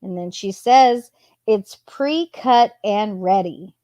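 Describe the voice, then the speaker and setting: Lady reading texts out loud real slow, dropping in casual little asides. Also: mid-range voice, dry recording. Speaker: channel host. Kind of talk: reading text messages aloud with commentary.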